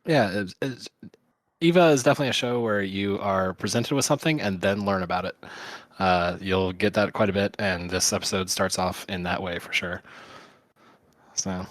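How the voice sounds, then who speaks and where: Male podcast panelist, low voice, laid-back, dry close sound. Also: normal speed, no echo. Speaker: podcast co-host. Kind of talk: casual podcast chat.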